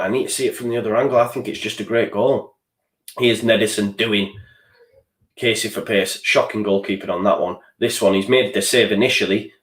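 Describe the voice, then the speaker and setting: Frustrated low-voiced football fan streamer. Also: male voice, reverberant. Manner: frustrated, swears, reads out viewer chat. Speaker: fan channel host. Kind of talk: live match watchalong commentary.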